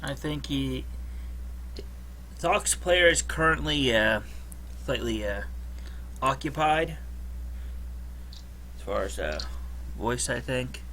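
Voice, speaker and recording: A man's voice: medium pitch, animated, slow pace, pauses often, sharp tone, a little hiss or hum, poor audio. A man acting as game master for a tabletop game, hesitant, with many restarts.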